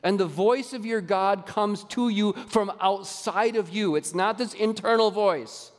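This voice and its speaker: A man preaching a sermon as pastor, lively and conversational, drawing the congregation into a call-and-response exercise. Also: high voice, unhurried, in a large hall. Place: church sanctuary.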